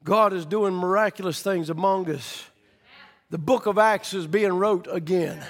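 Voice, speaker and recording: A man preaching a sermon, rising from quiet storytelling to fervent shouting. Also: sits high, a little slow, long reverb tail.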